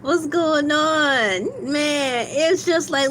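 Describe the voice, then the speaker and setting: A woman's voice: high-pitched, animated, slow pace, fairly bright tone, slight background noise. A woman hosting a casual livestream, chatty and playful, laughing often and reading viewer comments aloud. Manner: giggly and playful, laughing often between lines. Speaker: livestream host.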